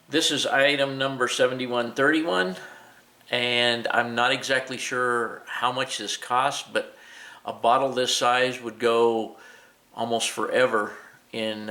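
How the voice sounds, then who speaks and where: A man's voice: mid-range voice, pushed and bright. A middle-aged man who runs a hobby shop, casually reviewing and demonstrating a modeling product, rambling with many fillers and restarts. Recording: echoey room.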